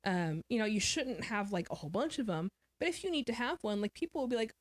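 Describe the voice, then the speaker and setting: A woman's voice: mid-range voice, animated, quick pace, few pauses, dry recording. A woman guest author telling a personal story in an interview, candid and somber, often quoting what others said.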